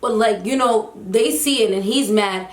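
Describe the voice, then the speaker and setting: A young woman vlogger telling a story in a casual, animated, slangy and emphatic way. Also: on the high side, unhurried. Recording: roomy echo.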